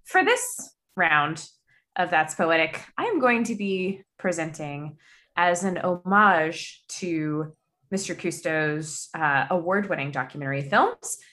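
A woman's voice: on the low side, lively intonation, takes it slowly, bright, forceful tone. A woman in playful, chatty banter on a comedy podcast.

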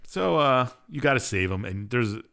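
A man's voice: mid-range voice, lively intonation, normal speed, gravelly, pushed and bright. A man co-hosting a podcast, casually retelling a game's story in an offhand, rambling way full of fillers. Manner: rambling and offhand, with many fillers and shrugging asides. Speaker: podcast co-host.

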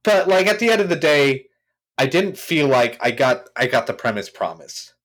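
A podcast co-host chats casually about a film, acting out its scenes with plenty of "like" fillers and an animated manner. His mid-range voice moves at normal speed and sounds slightly rough.

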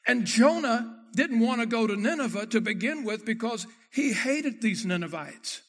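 Preacher, male, high bright tone, dramatic loud-to-soft delivery, acts out quoted scripture. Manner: acts out the prophets' words in quoted speech. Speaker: pastor. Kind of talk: sermon.

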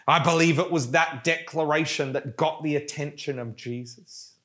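A male pastor preaching a sermon with passion, at times dropping to a hushed, pleading prayer. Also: on the high side, normal speed.

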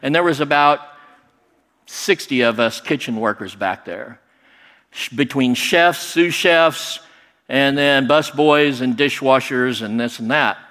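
A middle-aged man telling a personal story in a lively, animated way, acting out other people's lines. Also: medium pitch, measured pace. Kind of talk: personal story told to an audience. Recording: long hall reverb.

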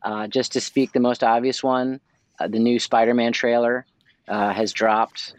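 Excitable man co-hosting a podcast. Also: medium pitch, a little slow, dry recording. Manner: excited, rambling with restarts. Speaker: podcast co-host. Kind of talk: casual chat.

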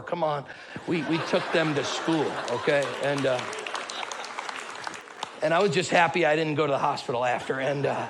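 A man in his forties preaching a sermon as pastor, energetic and calling the congregation to answer back, with humorous storytelling. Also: fairly high pitch, fairly quick, slight background noise. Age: 40s. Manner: energetic, calls congregation to respond.

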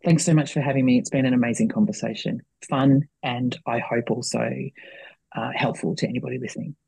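A woman's voice: very deep voice, fairly even intonation, a little fast, gravelly, darkish tone, husky, dry recording, low-quality recording. An Australian woman, a relationship coach, talking candidly and searchingly about herself in an interview, with the odd casual swear word. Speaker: guest relationship and divorce coach. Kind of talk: reflective interview talk.

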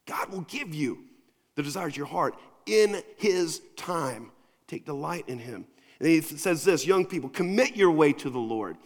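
A male pastor preaching a sermon in a casual, conversational way, moving between quiet asides and emphatic points. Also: on the high side, animated, a little slow. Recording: long reverb of a large hall.

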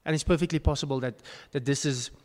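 A man's voice: mid-range voice, steady tone, fast. A man preaching a sermon as a pastor, earnest, with emphatic bursts. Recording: long hall reverb.

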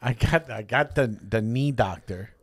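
A man's voice: mid-range voice, unhurried, no echo. A man co-hosting a casual podcast, joking crudely and laughing often. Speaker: podcast co-host. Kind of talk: casual chat.

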